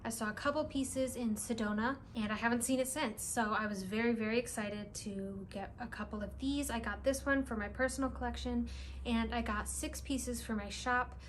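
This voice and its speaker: A young woman who runs a crystal shop, talking through her purchases in a casual, excitable vlog with lots of "like" and "really, really". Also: on the high side, normal speed, slight background noise. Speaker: crystal shop owner and vlogger. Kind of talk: casual show-and-tell vlog.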